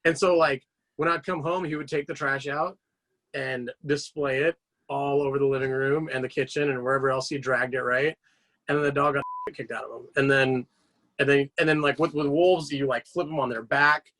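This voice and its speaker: A man's voice: medium pitch, moderate pace. A man guest on a podcast, telling long casual stories with many fillers and restarts. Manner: animated rambling anecdotes with frequent fillers. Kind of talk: casual storytelling chat.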